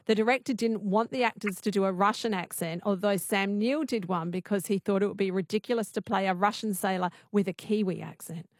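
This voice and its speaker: A woman's voice: mid-range voice, no room sound, clean studio sound. Woman radio host reading messages. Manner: brisk, reads out listener messages. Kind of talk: hosting a call-in show.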